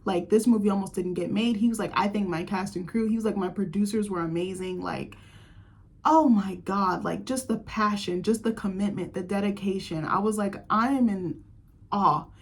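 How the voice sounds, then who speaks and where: A woman's voice: mid-range voice, normal speed, husky. A young woman hosting a casual chat show, gushing and chatty, filling her talk with "like". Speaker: host.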